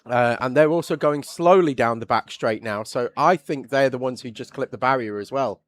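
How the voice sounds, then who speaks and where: A man with an English accent doing live motorsport commentary, chatty and quick to react loudly when something happens on track. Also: mid-range voice, dry recording. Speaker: race commentator.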